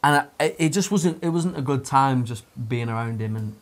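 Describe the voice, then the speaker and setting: A young man tells a story in a loose podcast chat. He swears freely, fills every gap with "like" and laughs as he goes. His voice sits at an ordinary pitch. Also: lively intonation, brisk. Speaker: podcast co-host telling a story. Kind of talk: casual chat.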